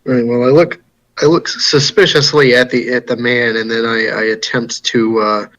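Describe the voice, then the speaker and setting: A male player describes his character's actions in a tabletop role-play. His voice is mid-pitched and his speech is halting, with repeated words as he goes. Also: fairly even intonation, fairly bright tone, muffled recording.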